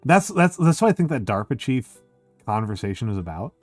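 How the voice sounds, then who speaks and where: A man chatting casually on a stream, excitable and swearing, full of filler words. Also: medium pitch, a little fast, faint music behind. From United States. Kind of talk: casual chat.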